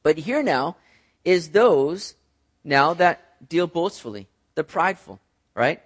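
A male pastor delivering a sermon in a casual, conversational manner, speaking directly to his listeners. His voice sits high, and he drops into playful voices when he tells a story. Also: lively intonation, slow, breathy edge. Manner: conversational preaching, addresses listeners as guys; acts out voices in an illustrative story.

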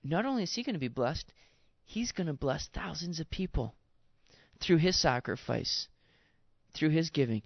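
Earnest preacher man, fairly high voice. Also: animated, normal speed, creaky, no room sound. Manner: earnest, exhorting, addresses listeners as guys. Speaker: pastor. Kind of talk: sermon. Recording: dull dry sound.

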